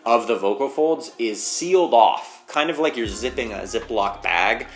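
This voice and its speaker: A man's voice: mid-range voice, lively intonation, normal speed. A man teaching singing, explaining vocal anatomy step by step and leaning on the word "basically".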